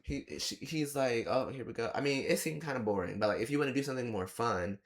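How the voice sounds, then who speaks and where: Talking fast in a mid-range voice, this man reacts to a film in loose, exasperated commentary. His chatty rant is packed with fillers and rhetorical questions.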